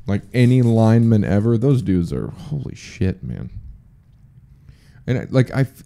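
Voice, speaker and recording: Low gravelly man rambling casually. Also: warm tone. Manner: rambling, profane, jokey. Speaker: podcast host. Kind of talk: casual solo podcast chat.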